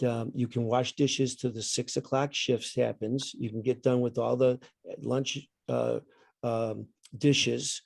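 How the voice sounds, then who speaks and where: With a medium-pitched, mellow voice touched by vocal fry and no audible room sound, a retired basketball coach chats as a guest. The older man tells rambling stories, often repeats words, and impersonates his father along the way.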